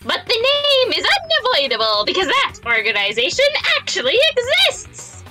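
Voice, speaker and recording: A woman's voice: very high voice, wildly swooping pitch, normal speed, pushed and bright, faint music behind, pitched above the performer's own voice, exaggerated voice. A woman voicing an earnest, musing young character. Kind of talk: fan voice acting of a game.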